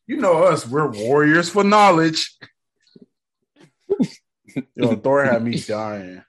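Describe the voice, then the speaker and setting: Young man, casual slangy chat partner, very animated delivery, higher-pitched voice. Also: slow.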